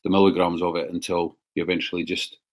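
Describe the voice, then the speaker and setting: A man's voice: low voice, level tone, quick pace. Sweary man chatting on a livestream. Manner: swearing, banter with viewers. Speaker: livestream host. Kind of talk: casual livestream chat.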